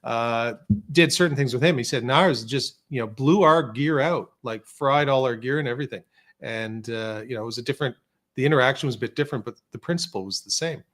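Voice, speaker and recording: A man's voice: medium pitch, brisk, a bit bright. A man talking in a studio as a podcast guest. He tells long, winding stories, often stopping to restart a sentence and acting out what other people said. The delivery is loose and conversational. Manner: rambling anecdotes with restarts and quoted dialogue. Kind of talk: casual storytelling chat.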